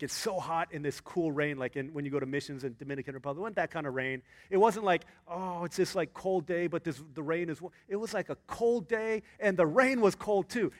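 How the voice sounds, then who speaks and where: A male pastor preaching a sermon, an animated storyteller who shifts into a hushed, earnest tone. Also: sits high.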